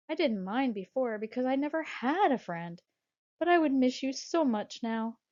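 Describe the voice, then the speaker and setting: A woman voicing an anxious, affectionate young female pigeon in a storybook, with a high, pleading, breathless manner. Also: darkish tone, natural voice. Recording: dull lo-fi audiobook recording.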